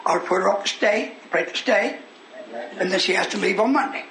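An older man preaching a sermon in a folksy way that rises into shouted fervor. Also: sits high, brisk, vocal fry, a little hiss or hum. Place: church meeting hall. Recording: echoey room with congregation.

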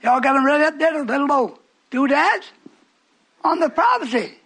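A man's voice: very high voice, expressive, moderate pace, fairly bright tone. An older man preaching a fervent, rambling radio sermon to his congregation in a church hall, breaking off into stories.

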